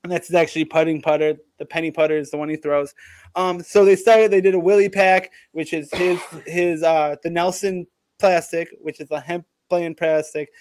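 A man's voice: fairly high pitch, flat delivery, moderate pace, darkish tone, dry recording. A man in casual comedic chat, rambling through a made-up story with lots of swearing and hype. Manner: rambling, profane, hyped storytelling.

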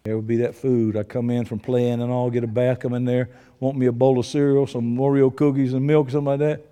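An older man preaching a sermon in a folksy, storytelling manner, swinging between shouts and low asides. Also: little pitch movement, fairly quick, smooth, long reverb tail.

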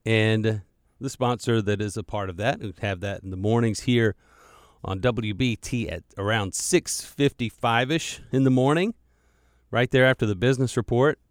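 A man's voice: on the low side, moderate pace, no echo. A man producing a radio show, chatting casually and digressing as he records a podcast alone in the studio. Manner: chatty, digressive, self-deprecating, repeats words. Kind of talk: rambling casual monologue. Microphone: studio microphone.

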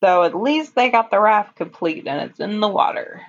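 A woman casually recapping a TV episode for a podcast, retelling the plot in an unhurried way with frequent ums. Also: mid-range voice, lively intonation. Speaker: podcast co-host. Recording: dull lo-fi audio.

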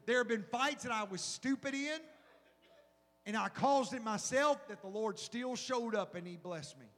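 Middle-aged male pastor, very high voice, lively sermon delivery, long hall echo. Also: moderate pace. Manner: animated preaching with rhetorical questions.

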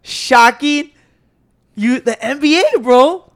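A man hosting a podcast into a microphone, telling stories in excitable, profane casual chat. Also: very high-pitched, slow pace. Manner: excitable, swearing, storytelling with restarts. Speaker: podcast host.

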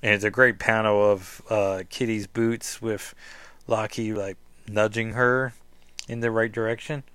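A man's voice: on the low side, level tone, measured pace, a bit bright, clear, resonant tone, no room sound. A man hosting a podcast, chatting casually and second-guessing himself while commenting on a comic book. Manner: chatty, self-questioning, with fillers. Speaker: podcast host.

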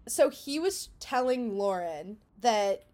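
A young woman co-hosting a podcast, telling a story in a casual, animated way and laughing often. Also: fairly high pitch, takes it slowly. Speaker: podcast co-host.

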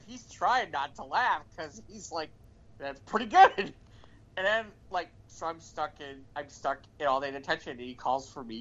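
A podcast co-host telling a story in casual chat, acting out the quoted lines along the way. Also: mid-range voice. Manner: animated, acts out quoted dialogue. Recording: dull lo-fi recording.

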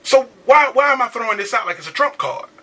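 A man's voice: extremely high pitch, expressive, fast, pushed and bright, rough recording. A man co-hosting a casual podcast chat, laughing often and giving earnest advice. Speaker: podcast co-host.

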